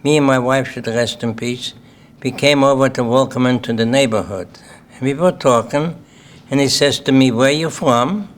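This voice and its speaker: A man's voice: mid-range voice, normal speed. Older man with a Lithuanian accent. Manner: plain-spoken, repeats "okay?" to the audience. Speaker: Holocaust survivor speaker. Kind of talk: personal testimony talk. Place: symposium hall.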